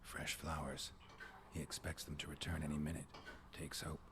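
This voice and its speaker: An actor playing a gruff, terse male monster hunter in a video game, muttering clipped observations to himself in a deep gravelly murmur. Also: flat delivery, moderate pace. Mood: musing. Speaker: game character. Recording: game audio with background noise.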